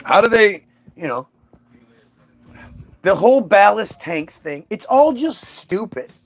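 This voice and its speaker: A man rants in a loose, profane monologue, scornful and repetitive. His voice sits fairly high and carries a gravelly rasp throughout. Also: big pitch swings, slow, no echo. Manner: scornful, profane, repeats words. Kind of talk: casual ranting monologue.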